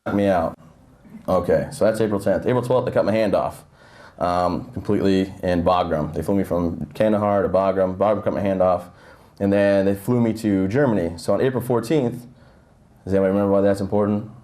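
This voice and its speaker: A man's voice: low-pitched, steady tone, brisk, dark tone. A young man speaking to a breakfast audience, telling personal stories in a joking, conversational way with lots of fillers, close on a handheld mic. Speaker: guest speaker. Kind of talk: motivational talk to an audience. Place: breakfast event hall. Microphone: handheld mic held close, audible nose breathing.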